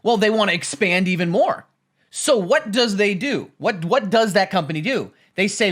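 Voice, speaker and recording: A man's voice: high-pitched, animated, normal speed, fairly bright tone. A man casually explaining finance on his livestream, rambling and repeating himself, tagging "right?" onto his points, with jokey, profane asides. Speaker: stock trading streamer.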